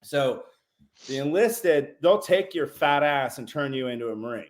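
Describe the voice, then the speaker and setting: A man in his forties, a podcast guest and former Navy corpsman, telling stories in an animated, profane, casual way. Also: medium pitch, normal speed, echoey room. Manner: animated, heavy swearing, acts out quotes. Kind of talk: casual storytelling.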